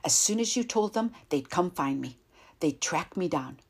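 A woman's voice: lowish voice, lively intonation, moderate pace, slightly rough. Woman voicing a desperate gun-toting male ex-con. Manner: blunt, pleading, repeats "man".

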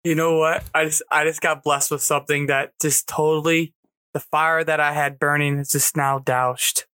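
A middle-aged man holds forth in casual conversation, his voice bright and pushing forward. He drives his points home with rhetorical questions and lively emphasis, like someone preaching to friends. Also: a little high, moderate pace, clear, resonant tone. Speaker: podcast co-host. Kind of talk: casual chat.

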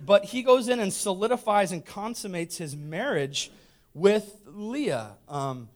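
A man's voice: high-pitched, animated, measured pace, a little mellow. A young man preaching a comedic sermon, playful and teasing as he talks straight to the congregation.

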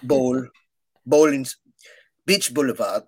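A man doing an impression of a brisk French woman puppeteer with a thick French accent, exasperated. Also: mid-range voice, a little mellow, slightly rough.

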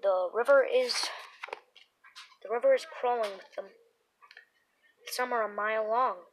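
A cocky, reckless teenage boy from a spooky storybook, always teasing and chasing thrills, as a woman reads him aloud. He talks in a bright, fairly high voice. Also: a little slow, rough recording.

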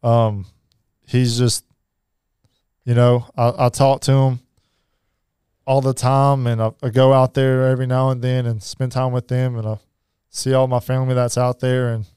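Man, mellow dark voice, very clear, dry close mic, halting storytelling. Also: medium pitch, flat delivery, no room sound. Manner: halting, many fillers and restarts. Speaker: podcast guest. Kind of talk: personal storytelling.

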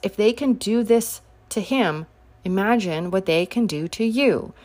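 A woman talks through political commentary in a casual, combative way. Her pitch swings widely, dropping low on asides and leaping up on sarcastic jabs. She sounds exasperated and mocking. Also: animated, a little slow. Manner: sarcastic, combative, rising to near-shouts on sharp points.

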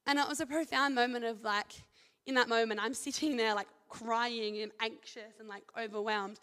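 A young woman with a fairly high voice shares her faith testimony in an earnest, rambling way, full of "like" and "I think". Her words ring out with the long reverb of a hall. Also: fairly even intonation, normal speed, a bit bright. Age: young adult. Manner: earnest, chatty, leans heavily on "like" and "I think". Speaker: speaker sharing a faith testimony. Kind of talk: personal testimony and scripture reading.

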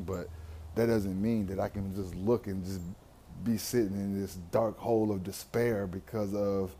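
A man's voice: low-pitched, mellow, a little hiss or hum. A young man, talking through his anxiety in a candid, rambling personal monologue full of slang and profanity.

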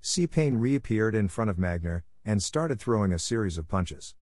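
A man reading an action story aloud in a steady, plain narration. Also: on the low side, normal speed, dry recording, studio quality.

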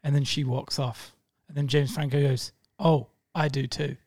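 A man's voice: mid-range voice, level tone, moderate pace, darkish tone. A man co-hosting a casual podcast, rambling as he paraphrases a scene with many restarts. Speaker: podcast co-host. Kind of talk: casual chat.

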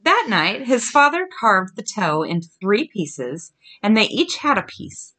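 Reading spooky tales aloud to her daughter, this mom in her thirties, a podcast host, sounds lively and giggly with a very animated pitch. She groans out the ghost's lines slowly, drawing them out.

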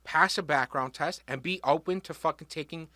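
Podcast co-host, blunt and sweary, tense bright tone, close dry sound. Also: male voice, on the high side, normal speed, dry recording. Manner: blunt, profane, joking. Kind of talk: casual podcast chat.

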